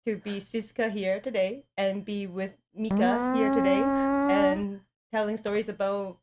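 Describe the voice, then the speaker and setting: A woman's voice: medium pitch, steady tone, measured pace, a loud crowd. A woman guest chatting casually in an easygoing way, with hesitant fillers. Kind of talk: casual chat.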